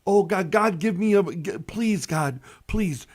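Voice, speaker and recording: A man's voice: high-pitched, slow. A man voicing a devout man who keeps refusing rescue while pleading with God. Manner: stubborn, pleading.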